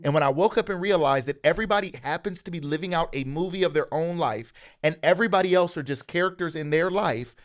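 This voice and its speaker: Man, high voice, emphatic, preacherly, morning show host. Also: fast, few pauses. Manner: emphatic, preacherly, voices quotes with rising pitch. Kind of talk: animated preaching talk.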